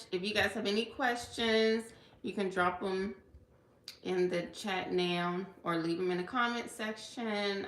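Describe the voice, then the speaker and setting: A woman's voice: medium pitch, a bit bright. A woman from Washington DC, a federal worker, talking earnestly in a personal livestream and often saying "okay" and "you know". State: tearful at times. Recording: echoey room.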